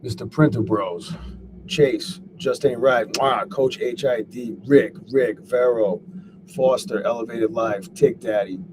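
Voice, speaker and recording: A man on a live stream, swearing a lot and talking excitably while he reads out viewers' names and goes over his trades. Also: mid-range voice, takes it slowly. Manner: profane, excitable, shouts out chat viewers. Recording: steady background noise.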